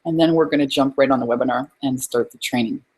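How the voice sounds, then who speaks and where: A woman's voice: extremely low pitch, fast talker, warm tone. A woman business coach hosting a live webinar, effusive and upbeat, chatting with her audience as she teaches.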